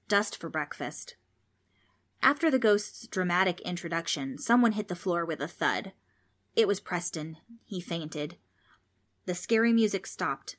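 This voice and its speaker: A woman narrating a children's storybook in an expressive, playful way. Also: fairly low pitch, normal speed.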